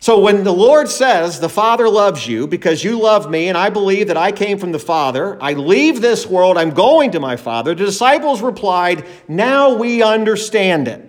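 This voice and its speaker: A pastor delivers an emphatic sermon in a fairly high male voice. He slows down to stress words and lifts his voice when acting out quoted speech. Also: animated. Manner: emphatic preaching, acts out quoted disciples in a raised voice.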